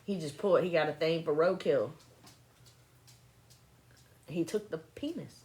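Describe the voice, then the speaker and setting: A woman's voice: low-pitched, unhurried, a little mellow. A woman hosting a live stream, chatting casually and joking with frequent laughter, recorded on a phone. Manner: joking, laughs often, playful teasing. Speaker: livestream host. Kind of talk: casual chat.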